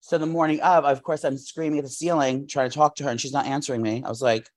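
A man's voice: mid-range voice, quick pace. A man in his thirties co-hosting a podcast, telling long rambling stories in casual chat with lots of fillers. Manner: rambling, animated storytelling with many fillers. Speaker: podcast co-host.

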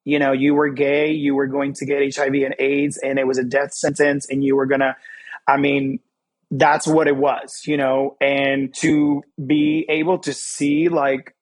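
A young adult man from Fort Lauderdale, telling personal stories as an interview guest in quick, animated bursts. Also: medium pitch. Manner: animated, quick bursts, acts out quoted voices. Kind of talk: candid personal storytelling.

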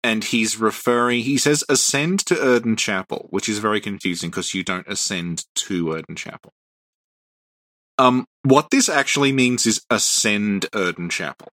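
A man's voice: lowish voice, expressive, moderate pace, bright, forceful tone, no echo. A man co-hosting a podcast, explaining game lore patiently in casual chat and laughing often. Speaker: podcast co-host.

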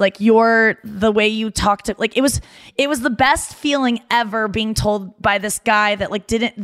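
A woman co-hosting a podcast, chatting casually and telling stories with lots of "like" fillers. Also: mid-range voice. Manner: chatty storyteller, many "like" fillers. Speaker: podcast co-host. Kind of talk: casual chat.

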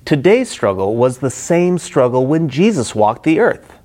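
A man's voice: medium pitch, sing-song, a little slow, darkish tone. A middle-aged man preaching a Bible-study sermon, acting out the quoted characters expressively.

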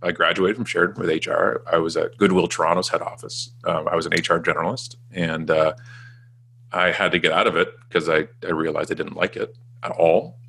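Gravelly low-voiced man telling stories. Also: steady tone, brisk, fairly bright tone. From Canada. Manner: chatty, self-deprecating, acts out quoted dialogue. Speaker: guest. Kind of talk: casual storytelling interview.

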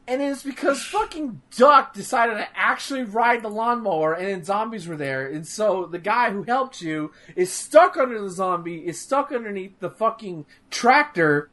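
A man streaming games, chatting casually in an animated, profane, rambling way with many restarts. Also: high voice, normal speed, hardly any pauses. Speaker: streamer discussing a game. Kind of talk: casual chat.

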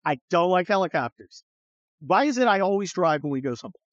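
Middle-aged male host, swearing storyteller, swooping lively pitch, dry and slightly muffled sound. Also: fast talker, dry recording. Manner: profane, animated, acts out quoted voices. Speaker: podcast host. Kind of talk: casual storytelling chat.

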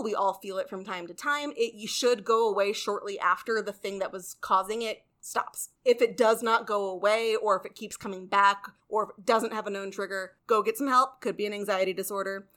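A podcast co-host explains facts casually, with a mid-range, bright, forceful voice. She's informative but sprinkles in quick asides and playful jokes.

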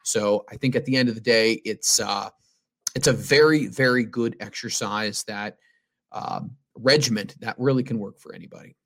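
A man's voice: lowish voice, moderate pace, fairly bright tone. A man hosting a casual interview chat, easygoing, laughing along and asking follow-up questions. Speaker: podcast host.

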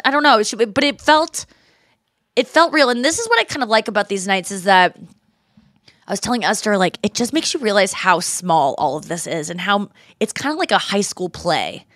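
A woman hosting a podcast, chatting casually and telling lively stories, mimicking other people's voices in quotes. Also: mid-range voice, fairly quick, dry recording, studio quality. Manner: animated storyteller who mimics voices in quotes. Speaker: podcast host. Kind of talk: casual chat.

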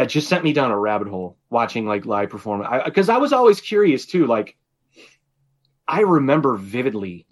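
A man co-hosting a podcast in casual chat, telling a story animatedly with frequent swearing and laughter. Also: mid-range voice. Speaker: podcast co-host.

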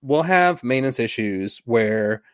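A man's voice: medium pitch, lively intonation, no room sound. Jokey man podcast host, dry close sound. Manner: laughs often, jokey, quick asides. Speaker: podcast co-host, airline operations worker. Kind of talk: casual chat.

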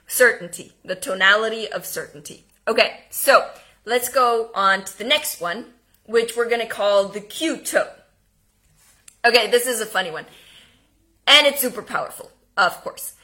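A woman coaching on voice and tone in a live online workshop, informal and quick to laugh at herself, swinging between loud demonstrations and hushed, paused delivery. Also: on the high side. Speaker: communication coach.

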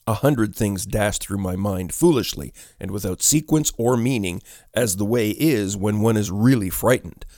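A man narrates a ghost story in a low, measured voice, taking each sentence deliberately. The sound is close and dry, with no room around it. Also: dark tone, no echo.

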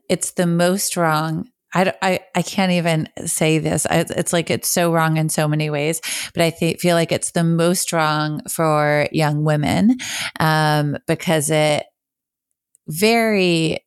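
Low-voiced woman co-hosting a podcast. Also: steady tone, takes it slowly, clean tone, no echo, studio quality. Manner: thoughtful, hesitant, laughs often. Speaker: podcast co-host. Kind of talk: casual chat.

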